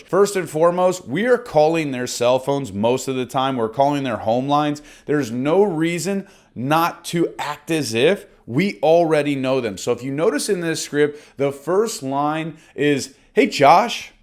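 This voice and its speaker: A man's voice: a little high, moderate pace, few pauses. A young man coaching real estate agents on cold-call scripts, speaking energetically and confidently. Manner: energetic, confident, demonstrates lines aloud. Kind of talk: course lesson on phone scripts.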